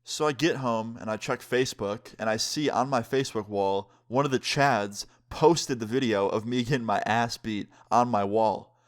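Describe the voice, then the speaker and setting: A man's voice: mid-range voice, moderate pace, hardly any pauses. A young man vlogger telling a story time in a laid-back, casual way, swearing freely.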